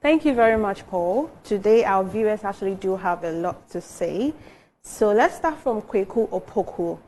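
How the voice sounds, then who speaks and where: A woman's voice: medium pitch, lively intonation, normal speed, darkish tone, a little hiss or hum. A woman with a Ghanaian accent, a co-presenter reading viewers' messages aloud on a television show.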